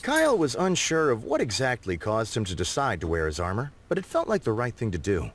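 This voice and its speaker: Lively dry-witted male game narrator. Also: mid-range voice, brisk. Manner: expressive, dry comic narration. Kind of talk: scripted storybook narration.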